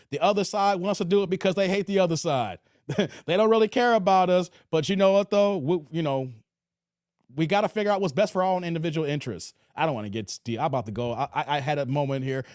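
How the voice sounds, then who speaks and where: A man from hosts a casual live stream. He answers chat messages in a relaxed drawl, and his voice sits rather high. The sound is close and dry, with no room echo. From Chicago. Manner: laid-back, drawling, trails off quietly at phrase ends. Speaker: livestream host reading chat.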